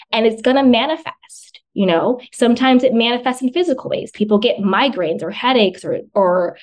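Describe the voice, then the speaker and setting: A woman's voice: a little high, normal speed, few pauses. Earnest woman giving self-help advice. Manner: earnest, repeats phrases for emphasis. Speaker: podcast guest.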